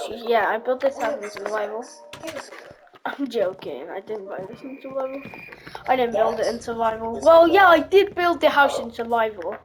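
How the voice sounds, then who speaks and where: A woman giving casual, rambling gameplay commentary, excitable and giggly with many fillers. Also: a little high, a little hiss or hum, rough recording. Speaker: gameplay vlogger.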